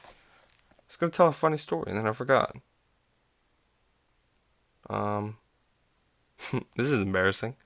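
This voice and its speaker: A man's voice: fairly low pitch, lively intonation, takes it slowly, creaky, pauses often, fairly bright tone, dry recording. Rambling, swearing young man. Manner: rambling, restarts and swears often, loses his train of thought. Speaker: podcast host. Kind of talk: casual solo podcast storytelling.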